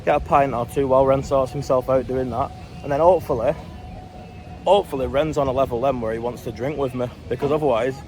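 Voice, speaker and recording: Walking city streets with a handheld camera, a man vlogs his trip in a fast, slightly mellow, medium-pitched voice, chatty and sweary. Soft background music plays along with the noisy street sound.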